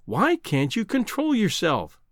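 A man's voice: high voice, huge pitch swings, unhurried, no room sound, clean studio sound, voice pushed up, heavily acted. A man voicing a proud, cool young woman. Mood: reproving. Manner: gently reproving, composed.

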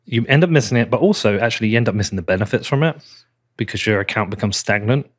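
A man's voice: fairly low pitch, quick pace. British man reading ads and chatting. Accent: British English. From Britain. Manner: relaxed, chatty, laughs often, restarts mid-sentence. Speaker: podcast host. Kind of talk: ad reads then casual chat.

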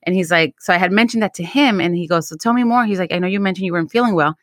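A woman's voice: fairly low pitch, racing, dry recording, clean studio sound. A young adult woman co-hosting a podcast, telling a candid personal story with Spanish phrases and some swearing. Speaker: podcast co-host. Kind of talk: casual chat.

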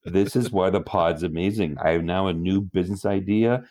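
A man's voice: deep voice, a little fast, darkish tone. A man co-hosting a podcast, telling an exasperated story in casual chat and laughing often. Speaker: podcast co-host.

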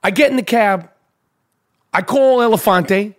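A man with a high, light voice tells a breathless story about running late, cursing constantly. He jumps into his own panicked shouts, then drops back to a low, confiding aside. Middle-aged and loud, he sounds like a radio show regular on a rant. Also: unhurried. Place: New York.

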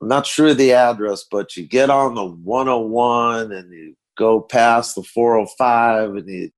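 A man's voice: medium pitch, measured pace, pitched above the performer's own voice, lightly acted. A man doing a drawling Southern rock star. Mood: vague. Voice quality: drawling, friendly. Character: laid-back middle-aged male rock star with a Southern drawl.

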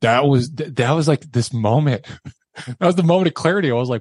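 A man's voice: mid-range voice, lively intonation, brisk, a little mellow, breathy edge, dry recording. A man in his thirties, a podcast guest, telling a harrowing personal story with emotion and acting out the voices of others. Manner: emotional, acts out quoted voices, laughs nervously.

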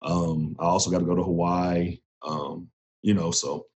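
A man in his thirties, a former Marine turned coach, telling his story in a relaxed, casual way with frequent laughs. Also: sits low, normal speed. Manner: relaxed, laughs often, restarts sentences.

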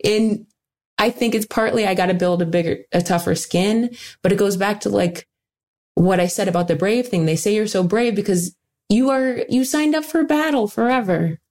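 A woman stand-up comedian talking candidly in an interview, earnest and animated, often laughing and restarting her sentences. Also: mid-range voice, normal speed.

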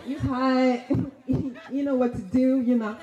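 Animated young woman in a roomy hall. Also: high-pitched. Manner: animated, slangy, laughing often. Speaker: storyteller on stage. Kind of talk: personal story told to an audience. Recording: dull, roomy sound with faint noise.

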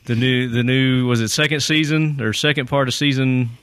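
A man's voice: medium pitch, steady tone, normal speed, a bit bright, smooth, no echo. A man co-hosting a casual podcast, laid-back and dry in his jokes. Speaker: podcast co-host. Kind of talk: casual chat.

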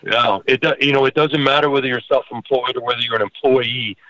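Earnest man, halting, dry sound. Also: medium pitch, steady tone, fairly bright tone, dry recording, dull audio. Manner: earnest, halting with many restarts and fillers. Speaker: podcast host and home care business owner. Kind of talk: conversational guest talk.

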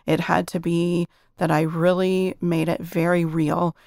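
A woman's voice: lowish voice, little pitch movement, a little slow, creaky, darkish tone, no room sound, studio quality. A middle-aged woman explaining parenting ideas earnestly in a casual chat.

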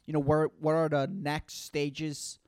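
A man's voice: on the high side, little pitch movement, unhurried, a little mellow, smooth, no echo. Rambling, profane man in his twenties. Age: 20s. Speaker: podcast host. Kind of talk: casual solo podcast rant.

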